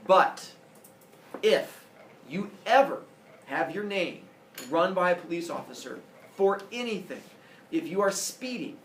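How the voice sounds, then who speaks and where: A stern older judge lecturing with booming emphasis, as a man puts him on. The voice sits a touch high with a gravelly edge. It sounds echoey, picked up from some distance away. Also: a bit bright, slight background noise. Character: stern older male judge laying down the law. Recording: echoey room, voice from far off.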